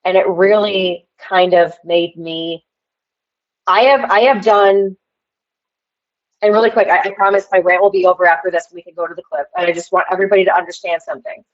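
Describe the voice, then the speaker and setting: A woman guest with a lowish, steady voice rambles briskly through a story on a livestream, addressing the chat as she goes. It's a casual rant, and the audio is dull.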